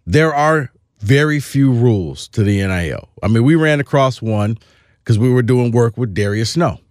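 A man's voice: medium pitch, lively intonation, normal speed, darkish tone, no echo, clean studio sound. A man co-hosting a sports podcast, talking in a casual, emphatic and opinionated way, often restarting his phrases.

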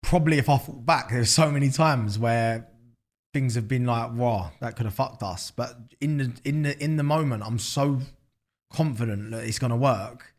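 A man with a London accent chats loosely as an interview guest. His voice sits at an ordinary middle pitch, and his talk is packed with slang, fillers and swearing. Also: moderate pace. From England. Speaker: guest, business founder. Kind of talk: casual interview chat.

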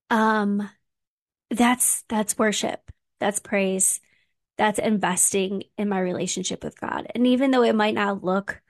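A woman hosts a faith podcast in a warm, heartfelt, earnest way, sharing as a mom. Her voice sits at an ordinary pitch and sounds close and dry, with no room around it. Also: no room sound. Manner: earnest and heartfelt, getting emotional. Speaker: podcast host. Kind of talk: casual faith podcast talk.

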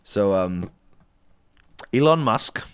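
A man's voice: fairly low pitch, lively intonation, drawn-out words, smooth, dry recording. A man co-hosting a comedy podcast, narrating an improvised story in a rambling, playful way with frequent laughs.

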